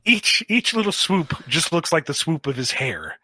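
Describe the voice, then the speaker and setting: Bright-toned playful man on a podcast. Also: on the high side, wildly swooping pitch, normal speed, breathy edge. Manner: playful, spins silly scenarios. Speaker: podcast host. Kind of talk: casual podcast chat.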